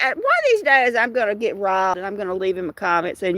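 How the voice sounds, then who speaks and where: Animated, indignant woman live-streaming. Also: mid-range voice, fast, no room sound. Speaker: livestream host. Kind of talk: casual ranting live chat.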